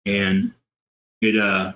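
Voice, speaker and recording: A man from Louisiana, a podcast guest, talking in a relaxed, rambling way with lots of fillers. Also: on the low side, extremely slow. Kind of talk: casual chat.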